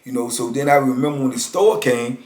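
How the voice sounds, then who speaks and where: A man's voice: medium pitch, fairly quick, darkish tone, echoey room. A man in his fifties casually telling a story in a laid-back, slangy way, peppered with "you know.".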